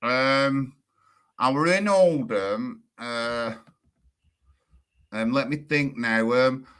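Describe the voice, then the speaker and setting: A man's voice: medium pitch, very slow, a bit bright, clean tone. A man chatting casually and agreeably, often restarting his sentences. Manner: agreeable, hesitant with fillers and restarts. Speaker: guest. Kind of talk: casual chat.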